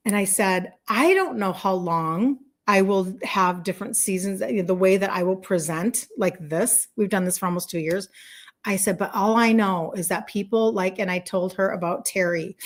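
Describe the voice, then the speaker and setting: A woman in her sixties, a wellness coach chatting effusively with viewers on a live stream, rambling and laughing as she talks. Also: medium pitch. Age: 60s. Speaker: wellness coach selling supplements.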